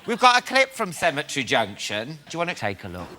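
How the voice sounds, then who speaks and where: A man hosting a TV chat show, effusive and quick to laugh. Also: fairly high pitch, huge pitch swings. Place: TV studio with audience. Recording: loud studio audience noise. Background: audience.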